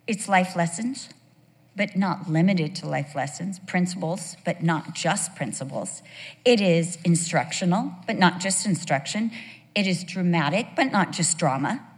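A woman teaching a Bible sermon to a women's group, conversational and animated, telling stories with rhetorical questions. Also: on the low side, unhurried, in a large hall.

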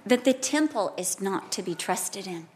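A woman preaching a sermon, telling stories with animated, loud cries. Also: mid-range voice, moderate pace.

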